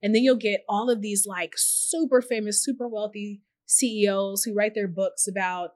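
A woman who is a journalist and founder appears as a podcast guest in a reflective conversational interview, her medium-pitched voice steady at normal speed with no room sound. She speaks earnestly and warmly, acting out little quoted messages as she tells her stories.

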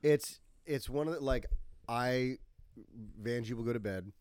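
A man's voice: medium pitch, measured pace, a little mellow, clear, resonant tone, dry recording. A man co-hosting a casual podcast chat, joking around and acting out scenes in silly voices. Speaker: podcast co-host.

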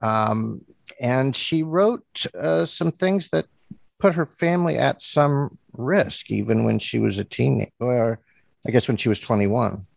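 A man's voice: medium pitch, unhurried, gravelly, no echo. A man hosting an interview, asking questions in a hesitant way with stammers and restarts. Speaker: interview host. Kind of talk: conversational interview.

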